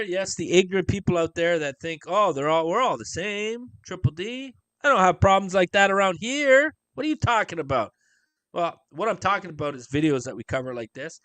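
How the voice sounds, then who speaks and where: A man hosting a live stream, ranting over clips with heavy swearing and rhetorical questions. His pitch sits a little high and swings widely. The tone is bright and cutting, and the recording is dry and close. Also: no echo. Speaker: livestream host.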